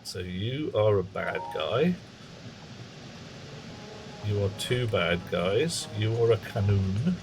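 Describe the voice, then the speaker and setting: A man's voice: on the low side, expressive, slow, vocal fry, pauses often, background noise. A man streaming a game live, rambling through wry, chatty asides to his viewers. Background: game music.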